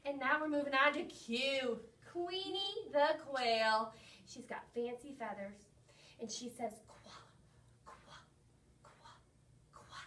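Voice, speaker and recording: A woman teaching a children's phonics lesson in a sing-song, animated way, acting out letter sounds. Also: high-pitched, unhurried, slight background noise. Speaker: elementary school teacher. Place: school classroom. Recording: echoey room, mic far off.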